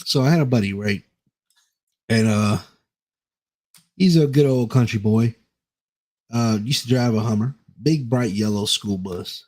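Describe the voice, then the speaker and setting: A man's voice: on the low side, a little slow, pauses often, darkish tone. A man co-hosting a podcast, telling a story in a rambling way and repeating himself. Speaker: podcast co-host. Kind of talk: casual storytelling chat.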